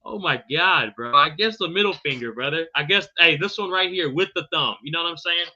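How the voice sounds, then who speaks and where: A man hosting a live stream with a sharp, piercing brightness in his voice, pitched a little high for a man. He talks loose and profane, calling everyone bro and brother and stumbling over names. The audio comes through dull and lo-fi. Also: brisk. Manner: fumbles unfamiliar names. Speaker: podcast host. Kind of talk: live podcast chat with viewers.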